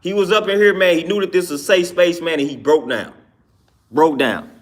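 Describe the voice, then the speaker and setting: A personal trainer talks in a slightly high, brisk voice, giving an earnest, casual monologue. He keeps tacking "man" onto his sentences and repeats "you know what I'm saying."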